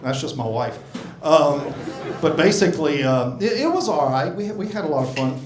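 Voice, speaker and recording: A man's voice: on the high side, animated, moderate pace. A man in his sixties doing a stand-up comedy set in a club, rambling, profane and self-mocking, working the crowd. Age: 60s. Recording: echoey club room.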